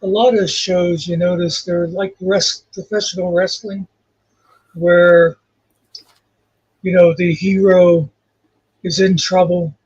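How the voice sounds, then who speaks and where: A man's voice: sits high, level tone, slow pace, long pauses, a little mellow, breathy edge, no room sound. A man joining a livestream chat as a guest, telling meandering stories full of fillers. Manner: meandering, filler-heavy storytelling. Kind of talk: casual call-in chat. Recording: muffled lo-fi call audio.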